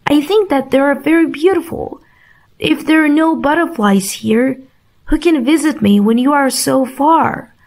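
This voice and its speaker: A woman gives voice to a proud, delicate flower in a slow storybook reading, her voice set fairly high. The words come out unhurried and clear, pleading at first and then curt. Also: a little mellow. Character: proud delicate flower, female, hiding tears.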